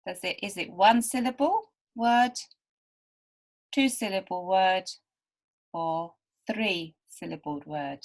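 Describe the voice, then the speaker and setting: A woman's voice: mid-range voice, slow, a little mellow. A woman teaching beginner literacy students, patiently sounding out and repeating words. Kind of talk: slow, careful teaching to beginners.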